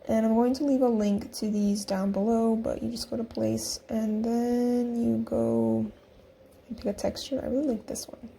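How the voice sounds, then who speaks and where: Young woman chatting thru a design tutorial, kinda giggly, low mellow voice w some vocal fry, faint hiss behind. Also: flat delivery, moderate pace. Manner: chatty, giggly, talks through each click. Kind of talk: casual screen-recorded tutorial.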